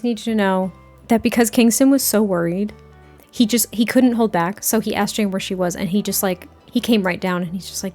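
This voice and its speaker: A woman's voice: medium pitch, a little fast, a little mellow, faint music behind. A young woman who hosts the channel, telling a life-sim game story in a chatty, casual way, full of fillers and fond asides. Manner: chatty, filler-heavy, doting. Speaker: gameplay narrator.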